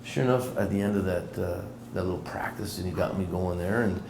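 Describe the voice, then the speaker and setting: A middle-aged Canadian man tells his stories quickly and with energy, often doubling up his words. His voice sits fairly low. He was recorded at a café table in an echoey room, with steady noise in the background. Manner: animated, repeats words while telling stories. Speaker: guest, business owner. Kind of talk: casual interview storytelling.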